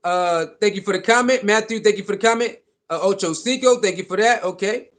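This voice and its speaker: High voiced guy livestreaming, loose and repetitive, reading chat out loud. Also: brisk. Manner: animated, repetitive, reads chat comments aloud. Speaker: livestream host.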